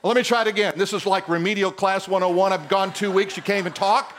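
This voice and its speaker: A middle-aged male pastor preaching a sermon in a church, animated and teasing his congregation. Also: sits high, fast talker, slight background noise.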